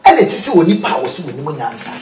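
A man's voice: on the high side, big pitch swings, fast talker, darkish tone, echoey room, far from the mic, a little hiss or hum. A Ghanaian man, a prophet being interviewed, preaching and quoting scripture with rising emphasis.

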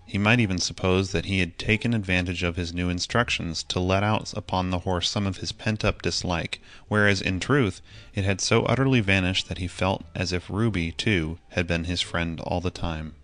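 A man narrating a children's audiobook in a steady, measured reading. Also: deep voice. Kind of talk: scripted storybook narration.

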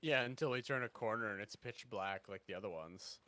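A man's voice: on the low side, brisk, sharp tone. A young man hosting casual co-op gameplay, joking, swearing and exclaiming at scares. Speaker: gaming channel host.

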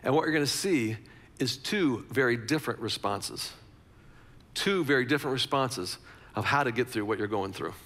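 A man's voice: medium pitch, lively intonation, moderate pace, a bit bright, in a large hall. A man preaching a conversational sermon as a pastor, repeating phrases for emphasis.

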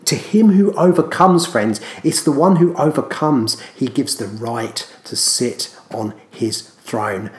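A man preaching a fervent sermon, often repeating hallelujah and friends and swinging between hushed and loud. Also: medium pitch, echoey room.

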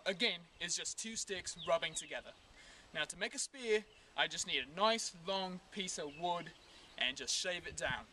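A man hosting a parody survival show outdoors in the woods, with deadpan how-to narration that breaks into comic ranting. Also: sits high, far from the mic. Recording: outdoor recording with clear background noise.

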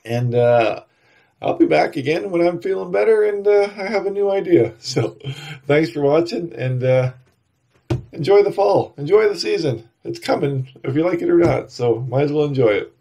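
A man hosting a woodcarving tutorial, his voice stuffy and nasal from a cold. He talks in a relaxed, chatty way as he works, and his tone is mellow and dark. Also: on the high side, normal speed, vocal fry. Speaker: woodcarving channel host. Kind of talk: casual carving tutorial narration.

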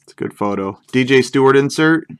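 A man's voice: mid-range voice, animated, fairly quick, clean tone. A young man chatting casually while opening packs of cards, rambling and joking as he calls out what he pulls. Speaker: card break host. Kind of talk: casual live card-break commentary.

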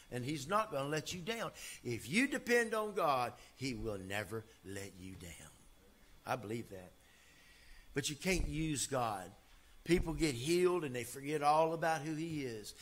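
A man preaching a sermon as pastor, folksy and emphatic, swinging from loud to quiet. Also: a little high, lively intonation, normal speed.

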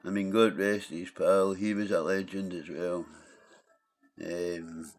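A man's voice: deep voice, flat delivery, slow pace. A Scottish man in casual live-stream chat, blunt and rambling, swearing freely as he calls people out.

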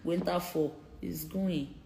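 A woman's voice: on the low side, fairly even intonation, measured pace, gravelly, warm tone, echoey room, slight background noise. A young woman in her twenties with a Nigerian Pidgin English accent, confronting critics in a heated, repetitive live-stream rant. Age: 20s. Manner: confrontational, repeats her points. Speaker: social media personality.

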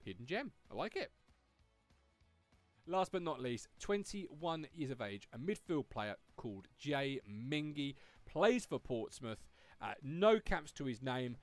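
A man's voice: mid-range voice, very animated, unhurried, dry recording, faint music behind. A man hosting a video game guide in a chatty, upbeat, conversational way. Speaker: host.

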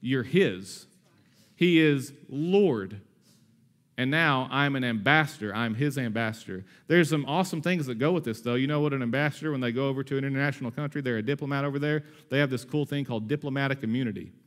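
A man in his thirties preaching a sermon in a conversational, energetic way, with asides and humor. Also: medium pitch, brisk. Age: 30s. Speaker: pastor.

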